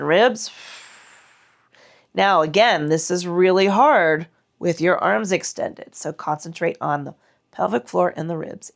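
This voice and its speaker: Doing the routine herself, a Pilates instructor cues her mat class on breathing and form, her words shaped by muscle effort and her breath a little strained. She has a fairly low, gravelly voice.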